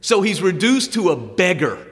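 A man preaching a sermon as a pastor, his voice jumping up on emphasis and dropping low on quiet asides. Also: normal speed. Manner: animated preaching, pitch jumping high on emphasis. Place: church sanctuary. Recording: long hall reverb.

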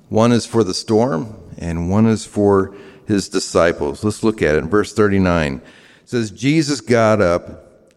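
A man's voice: fairly low pitch, darkish tone. A man from the American South preaching a sermon to a room of listeners, conversational and full of fillers and restarts. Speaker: pastor. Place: large room with a live audience. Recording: long reverb of a hall.

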